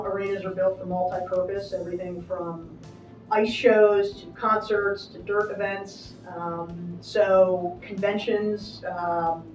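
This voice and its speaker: A woman's voice: mid-range voice, a little mellow. A middle-aged woman managing an arena, chatting casually and upbeat with many fillers while giving a backstage tour. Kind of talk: casual walking interview. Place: backstage in a large indoor arena. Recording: echoey, from a distance, faint music.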